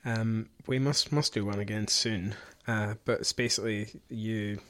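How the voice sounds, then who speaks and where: A man's voice: on the low side, steady tone, measured pace, a bit bright. Rambling radio host, man. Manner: rambling, lots of ums and uhs. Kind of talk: casual radio chat.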